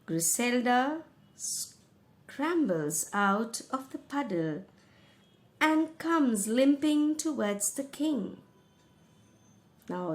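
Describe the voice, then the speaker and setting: Woman teacher, slow and patient explanations, fairly high voice. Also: darkish tone. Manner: patient, paraphrases each passage in simple words. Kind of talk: explaining a school reading lesson.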